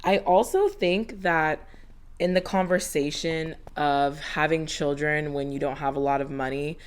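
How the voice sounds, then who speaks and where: Woman, 30s, low-pitched vlog narrator; chatty and earnest, slightly breathless. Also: measured pace, clean tone. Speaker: homemaking vlogger. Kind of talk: casual voiceover narration.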